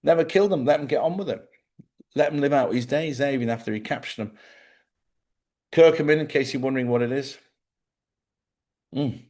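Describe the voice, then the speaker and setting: In a small studio, a man hosts his own live show in a mid-range, slightly mellow voice, speaking fairly quickly but with long pauses. His chat is casual and jokey, drifting off topic from one subject to the next, and he sounds sleepy.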